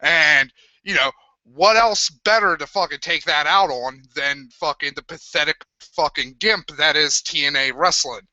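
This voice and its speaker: A young man hosting a live wrestling review, swearing constantly and ranting with loud, crude sarcasm. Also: on the high side, measured pace, no room sound. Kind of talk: profane live review rant. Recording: dull lo-fi sound.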